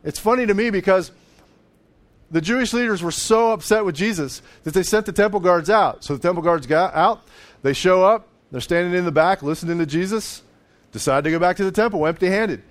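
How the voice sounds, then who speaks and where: A man's voice: high-pitched, a little fast. A man preaching a sermon in a conversational way, sometimes acting out voices of the people in the story. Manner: conversational, acts out voices of biblical figures, with laughs. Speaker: pastor.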